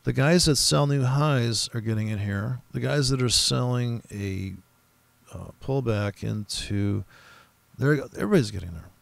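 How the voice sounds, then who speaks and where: Gravelly man ranting about trades. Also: medium pitch, normal speed, dry recording. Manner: rambling, profane, mimics other traders in quoted voices. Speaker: forex trader streaming his trading. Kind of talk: profane casual trading commentary.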